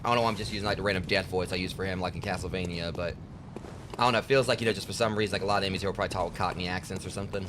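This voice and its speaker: A man's voice: low-pitched, steady tone, very fast, background noise. A man streaming a game, trash-talking enemies and commenting casually as he plays. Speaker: gaming streamer.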